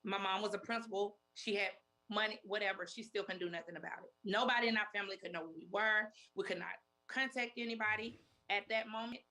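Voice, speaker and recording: A woman in her forties speaks as a guest, sharing a hard personal story. She is emotional and retells old conversations line by line, with plenty of repeats, in a voice of ordinary pitch. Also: quick pace, pushed and bright. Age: 40s. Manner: emotional, retells talks in quotes with many repeats.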